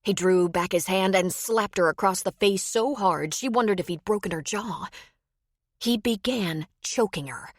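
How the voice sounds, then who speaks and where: A woman narrating a romance audiobook in measured scripted storytelling. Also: mid-range voice, dry recording, studio quality.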